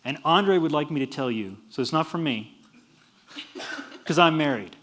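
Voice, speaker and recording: A middle-aged man giving a humorous university lecture, animated and laughing at his own jokes. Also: a little high, normal speed, slight background noise. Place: lecture hall.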